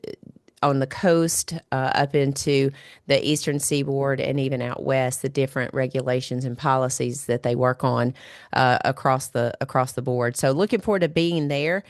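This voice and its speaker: A woman's voice: very deep voice, steady tone, moderate pace, dry recording, clean studio sound. A woman hosting a podcast, nasal and stuffy from a recent illness, rambling with many fillers. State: nasal, recovering from a cold. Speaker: podcast host. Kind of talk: casual podcast monologue.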